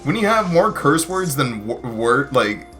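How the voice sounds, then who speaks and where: A man's voice: on the high side, sing-song, unhurried, music in the background. A man hosting a casual podcast, rambling with lots of fillers and restarts. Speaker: podcast host.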